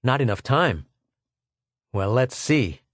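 A man's voice: mid-range voice, animated, takes it slowly, dry recording. A man reading aloud, voicing an injured, determined grown man who speaks urgently. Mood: grim.

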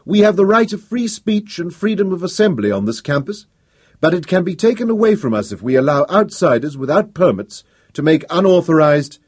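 A man reading an older professor who speaks with cool authority, polite but unbending, for a storybook reading. The voice has a husky edge and a lively, rising delivery, set close and dry. He addresses a crowd with measured, commanding formality. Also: fairly high pitch, no echo, pitched above the performer's own voice, exaggerated voice. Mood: rallying. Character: aging male professor, calm, firm and authoritative.

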